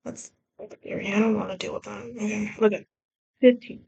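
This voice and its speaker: A woman's voice: mid-range voice, fairly even intonation, a little fast, gravelly, mellow, slightly rough. A young woman vlogger rambling casually, often trailing off and restarting her thoughts. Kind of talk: casual chat.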